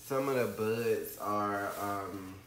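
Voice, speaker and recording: A gushing man with a drawl hosts a casual unboxing vlog from home, calling his viewers honey and breaking into shrieks. He talks slowly and leans on his words. The room is echoey, with a faint hiss behind him. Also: on the low side. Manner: effusive, calls viewers honey, shrieks with excitement. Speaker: orchid channel host.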